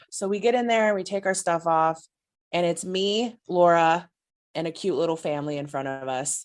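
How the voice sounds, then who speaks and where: A woman's voice: lowish voice, normal speed. Giggly gushing woman telling a story. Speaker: podcast co-host. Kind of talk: excited storytelling chat.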